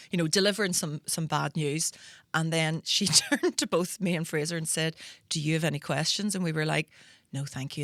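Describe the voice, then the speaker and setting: A woman's voice: low voice, a bit bright, dry recording. A woman, hosting a podcast as a comedian, telling stories chattily and laughing often. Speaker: podcast host, stand-up comedian. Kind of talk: casual chat.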